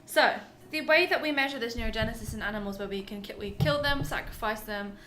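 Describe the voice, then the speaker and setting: Science podcast woman, explains stuff and giggles a lot, bright tone, faint background hiss. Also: a little high. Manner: explanatory, giggly, quick to laugh. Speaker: podcast co-host presenting a science paper. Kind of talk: casual science podcast chat.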